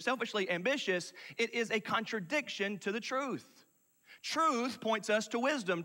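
A man preaching a sermon, emphatic, dropping from loud declarations to hushed asides. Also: sits high, in a large hall. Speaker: pastor.

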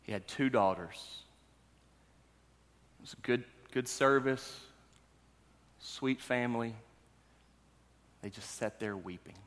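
A pastor in his thirties preaching a sermon, talking with his congregation and asking them questions before he builds to loud, emphatic preaching. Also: mid-range voice, takes it slowly, long pauses. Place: church hall. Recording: long hall reverb.

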